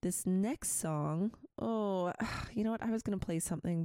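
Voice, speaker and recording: Woman radio host, chatty and digressive, mellow voice, dry studio sound. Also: deep voice, no echo. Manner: rambling and chatty, full of asides. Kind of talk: casual radio chat with a poetry reading.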